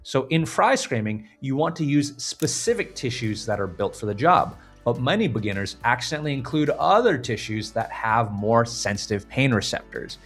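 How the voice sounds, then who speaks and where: A man with a slightly husky voice coaching beginners through scream technique, his pitch moving up and down as he explains. He lays out each point plainly in a lesson over faint music in the background. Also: big pitch swings, normal speed, hardly any pauses, a bit bright. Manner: explains clearly, breaks into short scream demonstrations. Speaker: vocal coach. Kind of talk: instructional video lesson.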